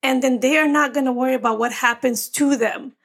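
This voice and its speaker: A woman's voice: high-pitched, steady tone, a little fast, gravelly, slightly rough. A woman therapist co-hosting a casual podcast chat, earnest and reflective as she talks through her anxieties. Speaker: podcast co-host.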